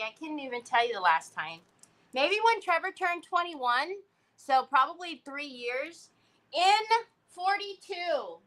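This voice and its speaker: Middle-aged woman, crafting host, rambling chat, slow unhurried delivery, somewhat high voice. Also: sharp tone. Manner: chatty, rambling storyteller. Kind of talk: casual chat while crafting.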